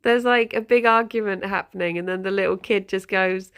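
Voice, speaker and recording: A woman's voice: mid-range voice, fairly even intonation, normal speed, fairly bright tone, smooth. A woman streamer chatting casually with her viewers, rambling and giggling often. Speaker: livestreamer.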